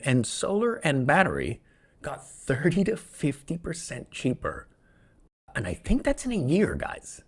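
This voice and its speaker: A man hosting a solo podcast, talking in an excitable, rambling, jokey way from a room where he records alone. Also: fairly high pitch, measured pace, husky. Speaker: podcast host. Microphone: podcast microphone, also filmed.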